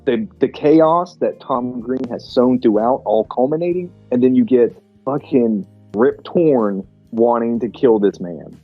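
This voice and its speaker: A man co-hosting a podcast who swears freely and retells movie scenes in quick bursts. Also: mid-range voice, narrow, tinny audio, faint music behind. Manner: profane, retells scenes fast. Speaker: podcast co-host. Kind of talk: casual movie-review chat.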